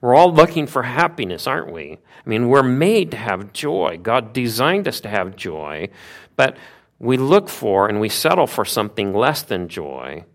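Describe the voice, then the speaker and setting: A man preaching a sermon, retelling a Bible story with lively asides and rhetorical questions. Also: medium pitch, a little slow.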